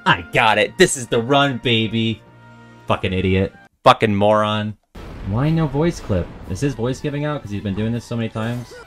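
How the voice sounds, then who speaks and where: A man streaming a video game, joking and swearing in excitable live commentary. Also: mid-range voice, a little fast, few pauses, faint music behind.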